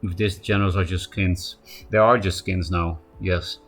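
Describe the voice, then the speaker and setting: Guy streaming, kinda low voice, rambly, um uh a lot, quiet music in the back. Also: fairly even intonation, moderate pace. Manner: rambling, thinking aloud with fillers. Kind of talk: casual live-stream commentary.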